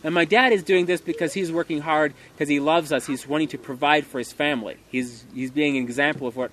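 Earnest man preaching loudly. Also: fairly high pitch, steady tone, brisk, a little hiss or hum. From Montana. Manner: earnest, emphatic, loud to carry in a room. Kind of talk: sermon.

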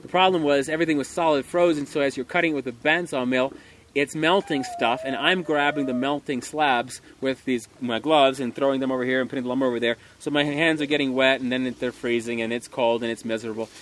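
Earnest man preaching loudly. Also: medium pitch, fairly even intonation, fast talker, a little hiss or hum. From Montana. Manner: earnest, emphatic, loud to carry in a room. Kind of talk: sermon.

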